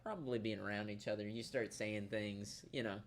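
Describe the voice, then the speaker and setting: A man with a Southern American accent co-hosting in casual chat, animated and quick to raise his voice for emphasis. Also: on the low side, crowd noise. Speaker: co-host of a guitar shop live stream.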